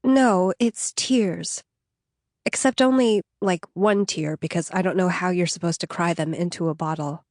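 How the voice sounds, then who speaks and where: A woman narrator voicing a young woman, a flustered and earnest grieving friend who talks in a high, breathless, apologetic way. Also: unhurried, darkish tone, no echo, clean studio sound. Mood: tearful, flustered. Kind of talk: audiobook dialogue reading.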